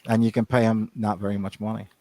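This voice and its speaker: A man's voice: on the low side, little pitch movement, fast, dark tone, no echo. A man co-hosting a podcast in casual chat, rambling with many restarts and fillers. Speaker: podcast co-host.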